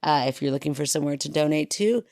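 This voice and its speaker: A woman's voice: sits low, fast talker, a little mellow, dry recording. A woman co-hosting a podcast in casual chat, playful and joking, with a dry cough. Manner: playful, joking, breaks into silly sounds. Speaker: podcast co-host.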